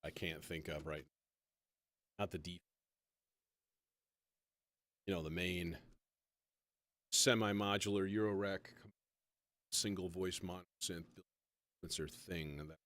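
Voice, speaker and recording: A man hosts a livestream while building a modular synth, chatting and rambling casually as he works, swearing often and poking fun at himself. His voice sits low and fairly bright with fairly even intonation, and he speaks slowly with long pauses. The recording is dry and clean, studio sound.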